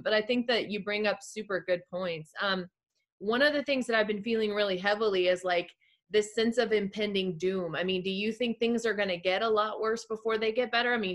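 A woman hosting a casual conversation, speaking in a rambling way with many fillers. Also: mid-range voice.

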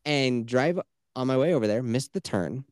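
A man's voice: medium pitch, moderate pace, no echo. A man spins a rambling, profane story on a podcast, acting out everyone's lines with a voice that leaps up and down. The sound is close and dry, with no room around it. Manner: animated, profane, acts out voices in his stories. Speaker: podcast co-host. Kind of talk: casual storytelling chat.

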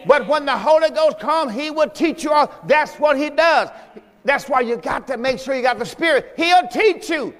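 High-voiced preacher shouting in a hall. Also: male voice, lively intonation, normal speed. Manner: calls on the congregation to respond; shouting with emphasis. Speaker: pastor. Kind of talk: sermon. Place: church sanctuary. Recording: echoey church hall with music.

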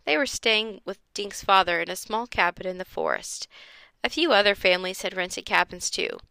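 A woman reads a children's chapter book aloud, giving each character a voice. Her tone is bright with a gravelly edge. The sound is dry and close. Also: medium pitch, sing-song, normal speed, no room sound. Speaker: reader.

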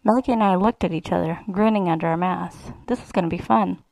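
Gravelly woman reading an erotic story. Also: on the low side, a little fast, darkish tone, no echo, rough recording. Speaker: reader.

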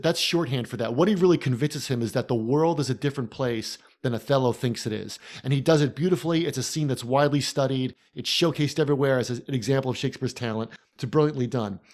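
A man co-hosting a podcast who analyzes a film in a casual way and walks through scenes in lively detail. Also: medium pitch. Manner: animated storyteller, recounts scenes in detail. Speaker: podcast co-host.

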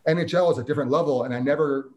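A man from Canada tells an old hockey story in casual chat, his voice at an everyday middle pitch. He acts out the lines of the people in the story as he goes. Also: very fast, lo-fi sound. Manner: animated storyteller, acts out quotes. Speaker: guest, former hockey player.

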